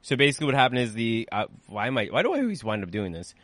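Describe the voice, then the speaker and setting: A man's voice: mid-range voice, very animated, rapid-fire, fairly bright tone, no room sound. A young man co-hosting a casual podcast, swearing and drifting into long rambling explanations. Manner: swearing, rambling lecture-like asides. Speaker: podcast co-host.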